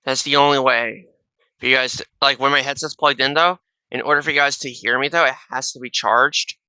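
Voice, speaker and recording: Rambling, bright-voiced young man on a headset. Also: medium pitch, steady tone, a little fast, smooth, no room sound. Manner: rambling, with many restarts and a habitual "though". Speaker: reaction video host. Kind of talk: casual reaction commentary. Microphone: wireless gaming headset.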